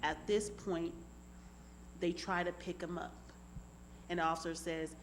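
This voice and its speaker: A woman, niece of the man she speaks about, recounting events in close detail in an interview, steady and deliberate. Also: on the low side, a little hiss or hum, low-quality recording. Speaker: family member telling her account.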